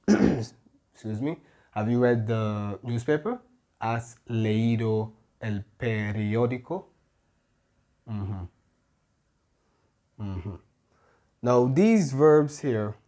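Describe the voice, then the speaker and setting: Slow, mellow-voiced male tutor. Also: medium pitch. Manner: slow, patient, with frequent "mm-hmm" fillers. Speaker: Spanish tutor. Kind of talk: grammar lesson explanation.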